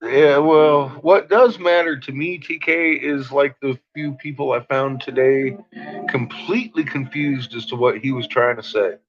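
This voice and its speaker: A man's voice: mid-range voice, a little slow, soft background music. A man hosting a late-night livestream, ranting profanely at his chat and often breaking into laughter. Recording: dull lo-fi stream audio.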